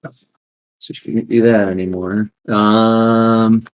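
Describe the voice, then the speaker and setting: A man running a tabletop game as game master, narrating haltingly with many fillers and restarts. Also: lowish voice, little pitch movement.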